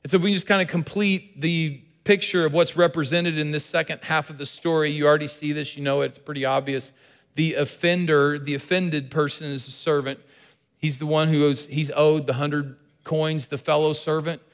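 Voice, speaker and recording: A man delivers a sermon in an earnest, emphatic way, circling back to repeat his key lines. His voice sits a little high for a man. The sound carries a long reverb, as if recorded in a large hall. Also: steady tone, moderate pace. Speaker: pastor.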